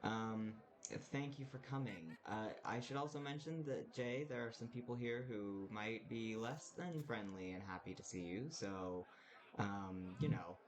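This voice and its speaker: A man voicing a chatty, fretful androgynous tiefling drow bartender who talks fast and breezily, in a tabletop game. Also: fairly low pitch, lightly acted. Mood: friendly. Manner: quick, gossipy, breezy complaining.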